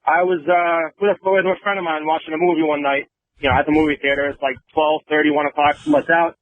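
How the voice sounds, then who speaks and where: A male caller phoning into a radio show and rambling through a story at a fast clip. His voice is fairly high. It comes through a tinny, dry phone line. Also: level tone, no echo. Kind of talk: phone-in anecdote.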